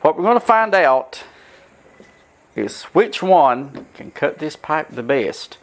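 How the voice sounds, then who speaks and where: Crude joking man reviewing tools. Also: mid-range voice. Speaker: host of a tool review channel. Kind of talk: casual rambling product review.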